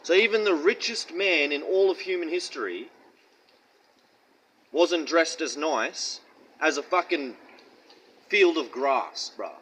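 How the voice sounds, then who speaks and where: A man's voice: fairly high pitch, lively intonation, takes it slowly, long pauses, fairly bright tone, husky, low-quality recording. A man giving casual Bible teaching in a blunt, profane, mocking way and rambling slang. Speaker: street-style preacher.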